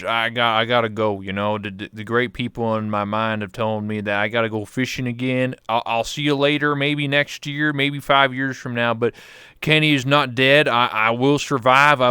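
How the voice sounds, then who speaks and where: A man voicing a loud, boisterous hillbilly man with a put-on Southern drawl who keeps calling everyone brother. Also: mid-range voice, steady tone, normal speed, clean tone, no room sound, studio quality, natural voice. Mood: grandiose. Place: VR chat room.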